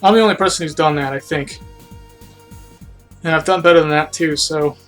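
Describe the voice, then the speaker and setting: A man's voice: on the high side, brisk, fairly bright tone, soft background music. A man casually chatting on a live game stream, self-critical and rambling, trailing off, a bit out of breath.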